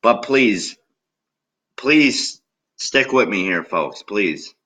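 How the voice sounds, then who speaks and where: An agitated man venting to his viewers in a profane, heated rant. His voice is low-set but very sharp and tense, cutting through every line. He talks straight at the audience and swears constantly. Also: animated, extremely slow, low-quality recording. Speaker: political video blogger. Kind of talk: angry rant to camera.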